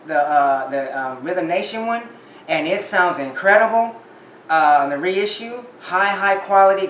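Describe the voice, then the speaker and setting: A man's voice: sits high, fairly bright tone. Chatty man vlogging in an echoey room. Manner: chatty storyteller, frequent restarts and fillers. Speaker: vinyl collector vlogger. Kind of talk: casual chat to camera. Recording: roomy echo, a bit off-mic, faint room noise.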